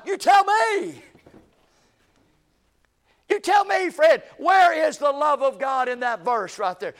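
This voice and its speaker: A man preaching a revival sermon, swinging between loud shouting and hushed low lines. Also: lively intonation, takes it slowly, pauses often.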